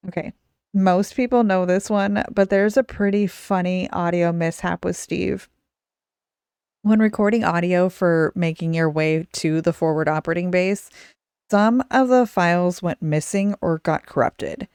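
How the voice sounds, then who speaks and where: A woman's voice: lowish voice, measured pace, a little mellow, smooth, no room sound, clean studio sound. A woman hosting a casual podcast, chatty and laughing often. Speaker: podcast host.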